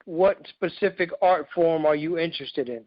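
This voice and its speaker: Man, interview host, high-pitched voice, teasing and playful, dry dull lo-fi sound. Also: moderate pace, no echo. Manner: joking, teasing, relaxed slang. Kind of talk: casual interview over video call.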